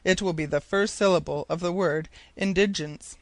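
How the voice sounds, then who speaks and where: A man's voice: sits high, normal speed, dry recording. A man voicing an eager, talkative male geographer who explains his ideas insistently. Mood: explaining.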